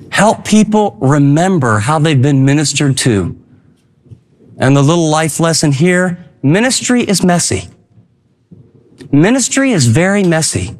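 Preacher, male, high-pitched, emphatic, fond of rhetorical questions. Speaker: pastor. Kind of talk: sermon.

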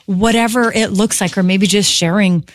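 A woman's voice: medium pitch, fairly even intonation, moderate pace, no echo. A woman co-hosting an on-air fundraiser, talking in a chatty, easygoing way. Her voice sits in a middle range for a woman. The recording is dry and close on a studio microphone. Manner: chatty, warm-hearted, laughs easily. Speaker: radio co-host. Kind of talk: radio fundraiser banter. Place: radio studio.

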